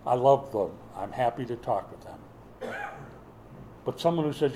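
Middle-aged male pastor, sermon delivery, warm mellow tone, storytelling with humor. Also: mid-range voice, lively intonation, measured pace, pauses often, slight background noise, rough recording.

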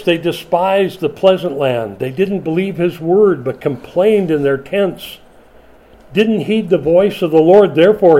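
Dramatic male preacher, mellow voice. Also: a little high. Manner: dramatic, swings from loud to hushed; acts out biblical voices in quotes. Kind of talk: sermon.

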